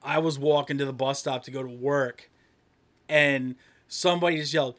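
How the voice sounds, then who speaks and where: A young man co-hosting a podcast, telling crude stories in casual banter, loud and full of swearing and laughter. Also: medium pitch, steady tone, normal speed. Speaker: podcast co-host.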